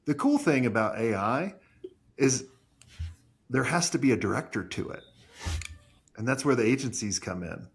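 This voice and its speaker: Husky, blunt-talking man. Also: mid-range voice, expressive, normal speed, long pauses. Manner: blunt, emphatic, swears casually. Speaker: agency owner. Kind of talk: casual podcast conversation.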